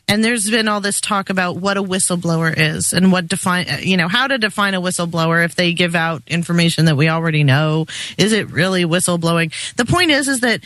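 A woman's voice: mid-range voice, fairly bright tone, no echo. A woman discussing politics on a talk radio show, earnest and explanatory, with some fillers.

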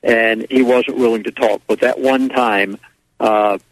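A man's voice: medium pitch, fairly even intonation, a little slow, dry recording, poor audio. A man guest on a radio talk show, telling a rambling, folksy story in a casual way and acting out what others said. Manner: folksy, rambling, acts out quoted voices.

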